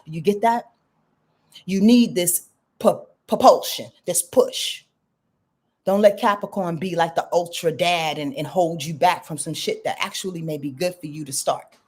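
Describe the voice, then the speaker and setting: A woman astrologer giving lively, slangy live-stream readings, answering viewers by name and swearing freely. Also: lowish voice, measured pace, breathy edge. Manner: animated, slangy, swears freely, reads viewer comments aloud.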